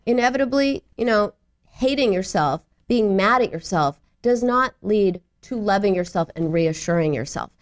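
A middle-aged woman in a studio giving conversational advice, acting out quoted voices and laughing at herself. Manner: acts out little voices and quotes with lively pitch jumps. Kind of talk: advice talk on self-compassion.

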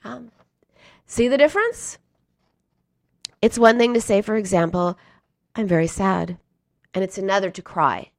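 A woman's voice: mid-range voice, measured pace, gravelly, long pauses, dry recording. Earnest woman giving plain advice, dry sound. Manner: earnest and emphatic, acts out feelings in little bursts. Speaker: self-help speaker. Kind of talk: casual advice talk to camera.

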